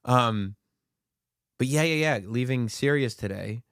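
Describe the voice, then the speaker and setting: A man co-hosting a casual podcast, teasing his co-host in quick back-and-forth banter. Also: mid-range voice, a bit bright, clean tone, no echo, clean studio sound. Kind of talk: casual chat.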